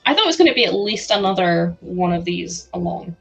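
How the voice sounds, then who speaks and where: Young woman livestreaming with a headset, slight gravel, sore throat, giggly and chatty, faint music behind. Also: lowish voice, big pitch swings, fairly quick, fairly bright tone, poor audio. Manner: chatty, giggly, reacts to chat aloud. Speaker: livestream host. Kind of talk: casual livestream chat while building.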